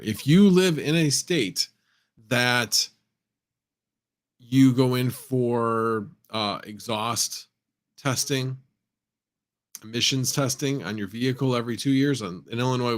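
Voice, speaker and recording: A man with a fairly low voice hosts a relaxed livestream and talks through his thoughts as they come. He often breaks off mid-point to read viewer messages aloud. His delivery is unscripted and easygoing. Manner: rambling, reads chat aloud, thinks out loud. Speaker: livestream host. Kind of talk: casual livestream chat.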